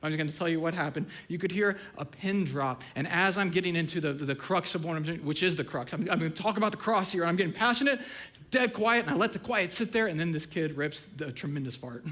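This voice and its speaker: A man's voice: fairly high pitch, expressive, a little fast, sharp tone. A man preaching a sermon from a church stage, telling funny stories with self-deprecating asides. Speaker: pastor.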